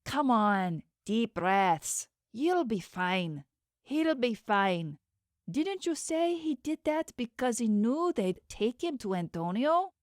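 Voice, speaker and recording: A woman voicing a steady, secretive young female friend in an audiobook, soothing at times and menacing at others. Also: on the high side, slow, no room sound, studio quality, voice pushed up. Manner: soothing, then coldly threatening. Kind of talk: audiobook character voice.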